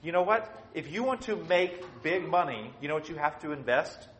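A man preaching an expository sermon, swinging between soft and loud and acting out quotes. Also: a little high, expressive, moderate pace, reverberant, a little hiss or hum, poor audio.

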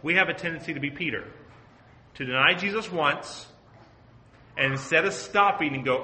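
Male pastor, earnest conversational sermon, slightly high bright voice, echoey room. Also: normal speed, pauses often, a little hiss or hum. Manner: earnest, asks the group questions. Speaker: pastor teaching a Bible study.

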